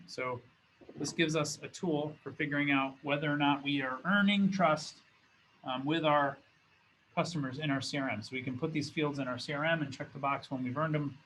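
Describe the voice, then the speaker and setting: A man's voice: mid-range voice, fairly bright tone, slight background noise, poor audio. A man teaching as a business school professor in a recorded lecture, talking in a conversational way and often restarting his phrases. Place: classroom or studio with a document camera.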